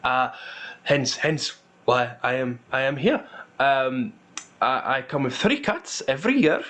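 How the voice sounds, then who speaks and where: A man's voice: animated, measured pace, fairly bright tone. A man voicing a shy, nervous old male dwarf merchant who stammers and pleads politely. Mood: humble. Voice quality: higher, raised voice, humble pleading manner. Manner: stammering, repeats words, nervous laughs.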